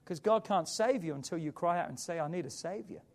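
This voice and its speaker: High-voiced preaching pastor, emphatic. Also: male voice, expressive, fairly quick. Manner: preaching with emphatic rises and drops. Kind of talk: sermon.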